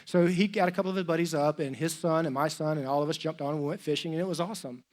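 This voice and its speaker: Middle-aged male pastor on a church stage with a slightly high voice, easygoing, talky delivery and dialogue he acts out. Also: racing. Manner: lively, chatty, acts out dialogue with many "like"s. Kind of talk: storytelling sermon.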